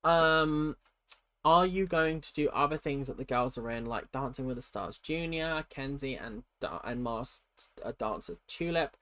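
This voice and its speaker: A young man chats casually on a livestream. He has a cold, and he reads viewer questions out loud and answers them frankly at an everyday pitch. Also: expressive, measured pace. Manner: chatty and candid, answering questions as they come. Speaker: streamer.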